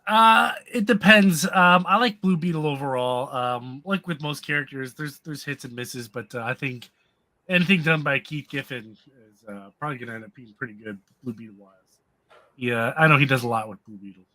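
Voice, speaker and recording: Bright-voiced man in casual panel chat. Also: medium pitch, normal speed, no echo. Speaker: comic book show panelist.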